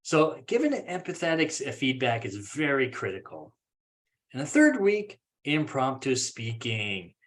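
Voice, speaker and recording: Man, video call, casual presenter, mid pitch, laughs at himself. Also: huge pitch swings, moderate pace. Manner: casual, self-deprecating, acts out examples in different voices. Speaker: club member presenting a course plan. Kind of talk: online meeting presentation.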